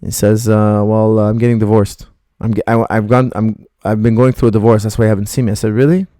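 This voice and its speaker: A man's voice: lowish voice, level tone, fast talker, dark tone, clean tone, no echo, studio quality. A middle-aged man, a martial arts coach, bluntly rambling through viewer questions on a live stream.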